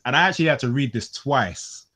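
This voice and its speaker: A young man co-hosting a casual chat, retelling a story in a rambling, animated way. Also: medium pitch, fairly quick. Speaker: co-host of a comic podcast.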